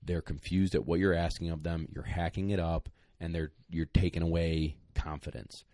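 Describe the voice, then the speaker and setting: Deep-voiced, blunt man giving training advice. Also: little pitch movement, normal speed, warm tone, dry recording, studio quality. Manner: blunt, plain-spoken, emphatic. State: a little out of breath. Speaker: retriever trainer, guest. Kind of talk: casual podcast advice.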